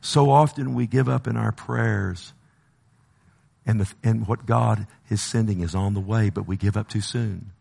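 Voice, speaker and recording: Gravelly-voiced male preacher. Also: fairly low pitch, unhurried, darkish tone. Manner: preaching with call-and-response asides, acting out God's voice. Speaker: pastor. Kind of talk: sermon.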